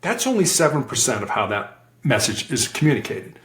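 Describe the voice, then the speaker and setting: This man speaks briskly in a mid-range voice, and the room around him echoes. He used to be a hostage negotiator, and in this interview he animatedly recounts stories in a conversational style, performing the voices of the people he quotes.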